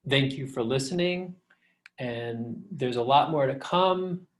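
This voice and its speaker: Here a middle-aged professor talks casually over his slides, filler words and all, in a mid-range voice. When he reaches poetry, he reads each line slowly to demonstrate its meter.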